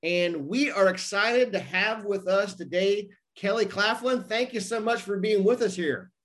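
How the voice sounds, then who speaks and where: A man's voice: high voice, unhurried, fairly bright tone. A man hosting a podcast, upbeat as he welcomes a guest and gives her the floor. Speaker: podcast host. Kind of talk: podcast intro and interview.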